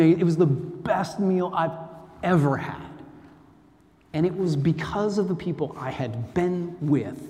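A man's voice: medium pitch, darkish tone. A man with an American accent giving a chatty, self-deprecating sermon and telling a personal story. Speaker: preacher. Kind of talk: informal sermon. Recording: long hall reverb.

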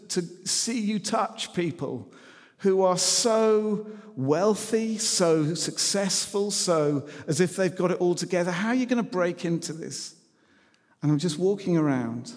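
A man's voice: medium pitch, a little mellow. A man telling personal stories in a sermon, conversational and self-deprecating. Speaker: preacher. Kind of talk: sermon storytelling. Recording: long reverb in a hall.

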